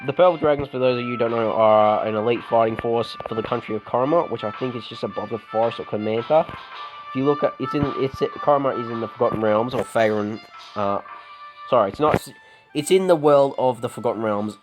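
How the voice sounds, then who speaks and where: A man's voice: medium pitch, brisk, poor audio. An Australian man hosting a game playthrough, reading dialogue aloud with frequent restarts and chuckles. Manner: stumbling restarts, chuckling, voices characters loosely. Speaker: let's play host. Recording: game music playing underneath. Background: game music.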